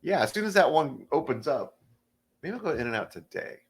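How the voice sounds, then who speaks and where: His voice runs a little high and brisk as this middle-aged stand-up chats on a podcast, easygoing and acting out the voices in his anecdotes.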